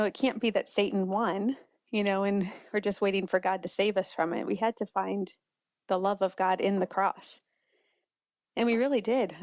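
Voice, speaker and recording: A woman's voice: medium pitch, vocal fry, darkish tone, no echo, clean studio sound. A woman guest author speaking earnestly and reflectively in an interview, often restarting her sentences. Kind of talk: conversational interview.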